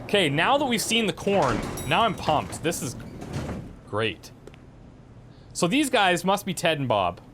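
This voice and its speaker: A man casually commenting on gameplay, animated and amused, with frequent chuckling asides. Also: high voice, measured pace, long pauses, slight background noise. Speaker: let's play host.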